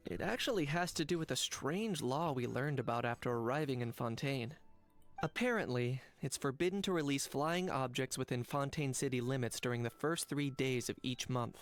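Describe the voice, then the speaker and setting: An actor playing a composed adult male hunter in a game, measured, polite and understated. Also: medium pitch, faint music behind, close to an everyday voice. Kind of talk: game voice acting.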